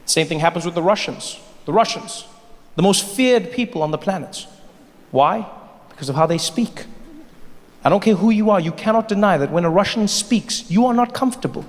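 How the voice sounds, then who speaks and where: High-voiced man doing stand-up in a hall. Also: normal speed. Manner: animated, slips into playful accent impressions. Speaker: stand-up comedian. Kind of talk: stand-up comedy set. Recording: live hall with loud crowd.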